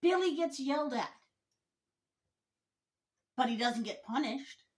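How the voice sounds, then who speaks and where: Slow, high-voiced indignant woman. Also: lively intonation, a little mellow. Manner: deliberate, indignant, emphatic. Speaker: vlogger. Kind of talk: opinion commentary monologue.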